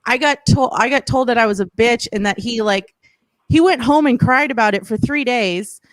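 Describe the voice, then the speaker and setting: A woman's voice: a little high, normal speed, dry recording. A woman comedian from Boston with a Boston accent, chatting brashly, laughing and swearing freely. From Boston, USA. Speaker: comedian guest. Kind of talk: casual podcast chat. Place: Los Angeles.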